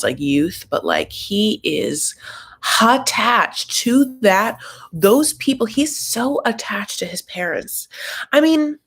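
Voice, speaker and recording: Host, woman, casual live-stream recap delivery, chatty and tangential with animated high spikes.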